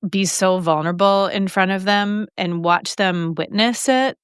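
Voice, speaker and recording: A middle-aged woman co-hosting a podcast, speaking in a gentle, reflective way. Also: medium pitch, measured pace, smooth, no room sound, studio quality. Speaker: podcast co-host.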